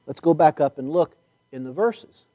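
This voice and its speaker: A male preacher delivers a sermon in a slightly high voice, leaning hard on key words and repeating phrases. He slows right down to stress a point. The sound is close and dry. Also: expressive, mellow, dry recording. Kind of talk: sermon with Bible reading.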